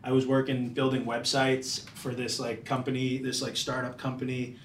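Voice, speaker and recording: A man's voice: medium pitch, little pitch movement, normal speed, slight background noise. A man telling a story in a casual, rambling way, full of "like" fillers, as a chef being interviewed. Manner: loose, rambling, many "like" fillers. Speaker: chef guest. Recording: roomy, distant mic.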